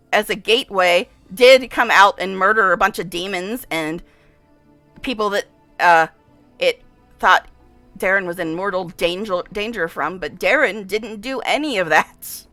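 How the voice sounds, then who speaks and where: Woman doing game commentary, bright sharp voice, exasperated and sighing a lot, dry close sound. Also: medium pitch, unhurried, pauses often, dry recording, soft background music. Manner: distressed and exasperated, sighing and repeating herself. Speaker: game streamer. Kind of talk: casual let's-play commentary, reading game text aloud.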